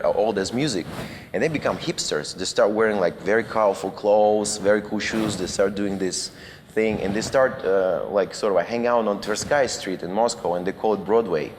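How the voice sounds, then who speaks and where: A man with a Russian accent recounts stories in a relaxed, meandering way, his English loose and full of restarts and small chuckles. His voice sits a little low. The recording has a lingering room reverb and a faint hum underneath. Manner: loose non-native grammar with frequent restarts and chuckles. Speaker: guest cinematographer. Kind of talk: casual anecdotal storytelling.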